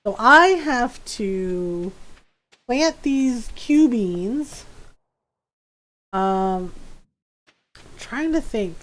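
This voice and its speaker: A woman's voice: on the high side, a bit bright. A woman streaming a farming game, chatting casually and rambling with lots of ums and self-deprecating asides. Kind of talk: casual let's-play chat.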